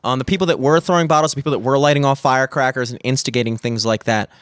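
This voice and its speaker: A young man co-hosting a studio podcast, telling a story in casual, animated chat with plenty of swearing and acted-out quotes. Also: medium pitch, rapid-fire, clear, resonant tone, no room sound. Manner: animated, swearing, acts out quotes in raised voices. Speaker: podcast co-host. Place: small studio. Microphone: studio mic.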